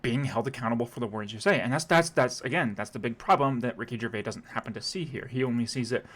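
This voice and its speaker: A man at an ordinary pitch reacts to a video in casual, sarcastic commentary. He rambles and keeps breaking off to restart his sentences. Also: fast talker, a bit bright.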